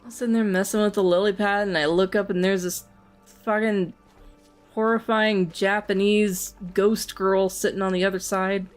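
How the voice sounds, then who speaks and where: A woman's voice: medium pitch, steady tone, normal speed, faint music behind. A woman streamer chatting casually over a point-and-click game, reading its dialogue aloud and laughing and swearing as she plays. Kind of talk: casual let's-play chat.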